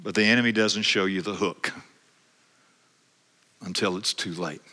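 A male pastor preaching a sermon in an earnest way, often repeating words and dropping low at the ends of his lines. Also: unhurried, pushed and bright, long reverb tail.

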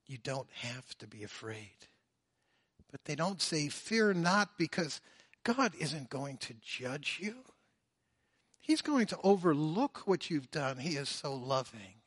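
Slow-spoken male preacher. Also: very animated, husky, no echo, clean studio sound. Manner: dynamic preaching, swinging from loud emphasis to hushed low phrases. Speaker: pastor. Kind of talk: sermon.

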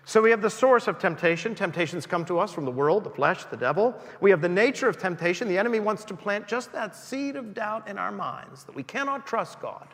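A man delivers a sermon in a church, his fairly high voice swelling and dropping for emphasis. The sound rings with a long church reverb, as if caught from some distance. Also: expressive, a little fast, hardly any pauses, a bit bright. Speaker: preacher.

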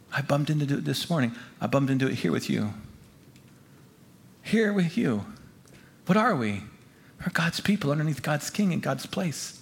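Emphatic preacher, a man with a higher voice. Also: lively intonation, normal speed. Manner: emphatic, repeats key phrases, swings from quiet to loud. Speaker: pastor. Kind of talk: sermon. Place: church gathering before a congregation.

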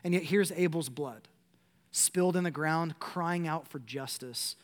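A man preaching a sermon, earnest and conversational, building to urgent emphasis and then dropping soft. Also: on the high side, unhurried. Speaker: pastor.

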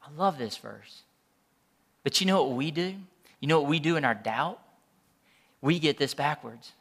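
A pastor preaching with real fervor, often stumbling and restarting his words as he presses a point. His voice is high and bright, and it rings out with the long reverb of a large church hall. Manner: impassioned preaching with repeated restarts. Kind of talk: sermon.

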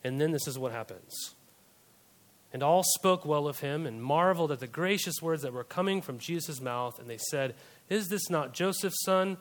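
A young man delivers a church sermon in a conversational way, checking in with his listeners through rhetorical questions. His voice sits on the higher side for a man. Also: animated, moderate pace. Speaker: pastor. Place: church service.

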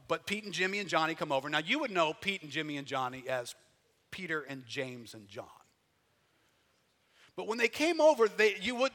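A pastor preaching a folksy, conversational sermon, full of rhetorical questions and loud bursts of emphasis. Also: male voice, fairly high pitch. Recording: long hall reverb.

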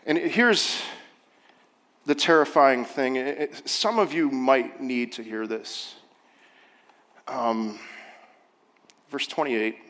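A man's voice: medium pitch, slow, long pauses, fairly bright tone. A male pastor preaching a sermon, earnest and building to urgent emphasis. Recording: long hall reverb.

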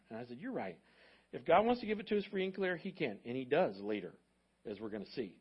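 A man's voice: medium pitch, big pitch swings, fast, slightly rough, muffled recording. A middle-aged man, a pastor telling stories in a sermon with joking asides to his church. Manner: conversational, joking asides to the congregation. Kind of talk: storytelling sermon. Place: church sanctuary.

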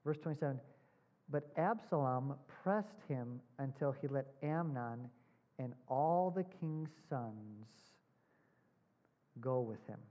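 A man preaching a sermon. He asks his congregation questions, repeats points with emphasis and slows down on key words. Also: mid-range voice, animated. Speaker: pastor. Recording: dull lo-fi sound.

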